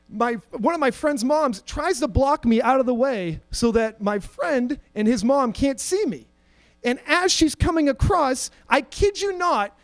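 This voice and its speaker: High-voiced young man doing stand-up. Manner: storytelling, self-mocking, acts out quoted voices. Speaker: stand-up comedian. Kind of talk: stand-up comedy set. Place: comedy stage at an arts center.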